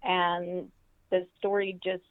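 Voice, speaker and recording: An older woman, a grandmother and author, telling a story as a podcast guest, lively and acting out the voices she quotes. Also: on the low side, takes it slowly, clean tone, dry recording. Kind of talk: storytelling in an interview. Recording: tinny phone-like line, dry.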